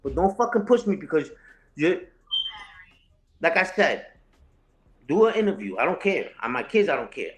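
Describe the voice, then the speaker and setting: A man's voice: a little high, sing-song, normal speed, long pauses. A man, talking heatedly and without a script, profane and confrontational, repeating phrases for emphasis. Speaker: interview guest, online content creator. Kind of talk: heated unscripted talk, answering a live chat.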